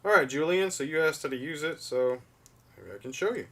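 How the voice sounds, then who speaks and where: With a fairly high, pushed and bright voice, lively intonation, and a brisk pace, this thirtysomething livestream host chats in a rambling, casual way while explaining how he repairs figures by hand. He sits a bit far from the mic.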